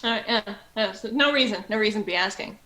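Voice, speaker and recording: A woman's voice: mid-range voice, fast talker, bright, forceful tone, rough recording. Teasing woman playing a tabletop game. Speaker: player. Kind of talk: casual chat at a tabletop game.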